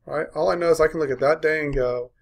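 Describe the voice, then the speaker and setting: Gravelly man coaching a trading room. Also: fairly high pitch. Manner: brisk, punchy, tags points with "right?"; walks through a chart aloud.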